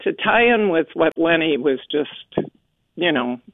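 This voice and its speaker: A female caller on a talk radio show, coming through a tinny phone line. She speaks slowly in a gravelly voice, and she sounds indignant and deliberate. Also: low-pitched, animated, slight background noise.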